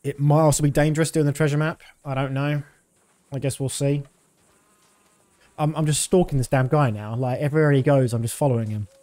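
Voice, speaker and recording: A man's voice: mid-range voice, steady tone, a little fast, mellow. A man in his thirties giving casual, rambling commentary while streaming a game, with many fillers.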